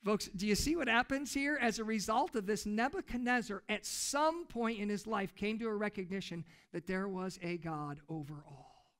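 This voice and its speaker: A man's voice: very high-pitched, pushed and bright. A man preaching a sermon in church as pastor, retelling a story emphatically and putting questions to the congregation. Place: church service.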